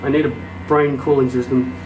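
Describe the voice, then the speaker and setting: A man's voice: medium pitch, flat delivery, brisk, background noise. Ranting, foul-mouthed man in an echoey room. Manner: rambling, profane and ranting. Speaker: vlogger. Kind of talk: casual chat. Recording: echoey room, mic at a distance.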